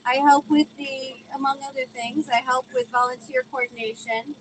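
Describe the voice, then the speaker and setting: A woman's voice: high-pitched, steady tone, moderate pace, low-quality recording. A woman opening a rally as volunteer coordinator, making upbeat welcoming announcements on stage. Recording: loud background noise at an outdoor rally.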